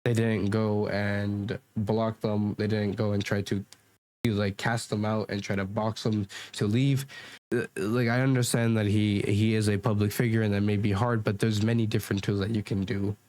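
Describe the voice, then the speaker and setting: His voice is lowish and slightly mellow, flat in delivery at a normal speed, with no room sound from his home desk mic. This YouTuber gives defensive, argumentative, rambling commentary on comments, with fillers and frequent restarts.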